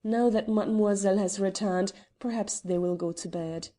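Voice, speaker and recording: A measured, dry French hotel manager voiced by a woman narrator comments in a mellow, warm tone. This is a calm audiobook line. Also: mid-range voice, natural voice. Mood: wry.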